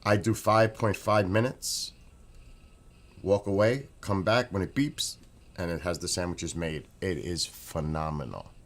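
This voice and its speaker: A man's voice: fairly low pitch, a little slow. A man vlogging at home, chatting casually and enthusiastically, rambling and repeating himself. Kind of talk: casual chat.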